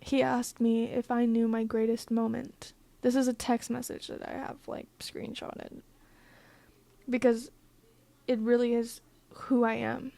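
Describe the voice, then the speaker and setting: A young woman with a fairly high but flat, monotone voice tells a personal story to camera. Her tone is mellow and the sound is dry and close. She talks bluntly, swears freely and peppers her speech with "like". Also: measured pace, vocal fry, no room sound. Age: young adult. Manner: blunt, profane and emphatic, with many filler "like"s. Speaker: vlogger. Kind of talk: casual storytime monologue.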